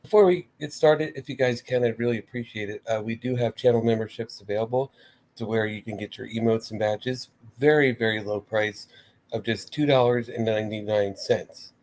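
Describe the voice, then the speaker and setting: A man's voice: on the low side, fairly quick, a little mellow. A man hosting his own wrestling commentary show, rambling casually and getting exasperated, with swearing and mimicked reactions. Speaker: wrestling commentary channel host.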